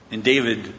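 A man preaching a sermon, retelling a Bible story in a conversational way and acting out the characters' lines. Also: pushed and bright. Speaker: pastor. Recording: echoey lo-fi hall recording with faint rumble.

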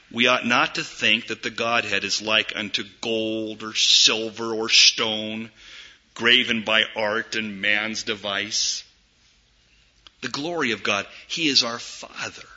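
A man preaching a sermon, swinging from loud emphatic peaks to hushed low asides. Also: slightly rough. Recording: dull lo-fi recording.

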